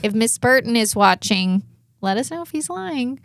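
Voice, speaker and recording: A woman's voice: on the high side, lively intonation, normal speed, no echo. A young woman co-hosting a morning TV show in a studio, chatting in an upbeat, filler-heavy way. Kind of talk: casual chat.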